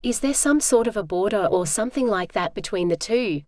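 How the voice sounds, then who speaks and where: A woman's voice: mid-range voice, expressive, a little fast, no echo, clean studio sound, close to an everyday voice. A woman voicing a charming, easygoing young Texan man who owns a hotel, in an audiobook. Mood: friendly. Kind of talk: audiobook character voice.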